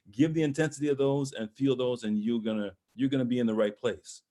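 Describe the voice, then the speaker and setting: A man in the middle of the male range, coaching a singer through a video call. He talks in halting, encouraging bursts and now and then sings a word or two to show the phrasing. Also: mid-range voice, steady tone, warm tone. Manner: encouraging, hesitant, sings and speaks sample words in French and German. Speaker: voice coach leading a master class. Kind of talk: online master class coaching.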